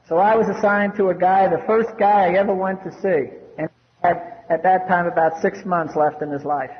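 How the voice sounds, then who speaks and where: A man's voice: high voice, muffled recording, a little hiss or hum. Older man, blunt wry storyteller, echoey hall. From US East Coast. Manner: blunt, wry, salty humor. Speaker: AA speaker. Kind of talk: recovery meeting share, storytelling.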